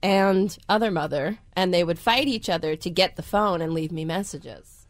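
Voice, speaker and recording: A woman's voice: fairly low pitch, moderate pace, no echo. A woman, a former radio co-host, tells stories as a guest in casual studio chat and laughs often.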